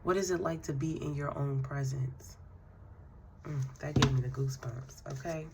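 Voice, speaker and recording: Against a noisy background, a female tarot reader offers a spiritual reading at normal speed in a deep voice. Her delivery is relaxed and affirming, aimed directly at the listener and sprinkled with fillers and soft laughs.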